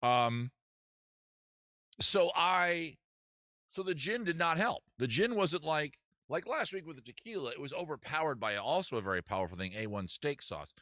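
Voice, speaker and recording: Brief: man, comedy stream host, lively and animated pitch, bright tone, rambling and self-mocking. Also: normal speed, dry recording, clean studio sound. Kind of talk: comedy livestream chat.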